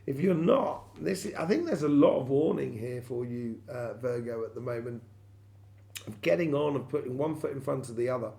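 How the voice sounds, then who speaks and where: A man's voice: mid-range voice, animated, normal speed, gravelly, dark tone. A man giving a weekly tarot reading straight to his viewers, rambling with many fillers and restarts. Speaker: tarot reader.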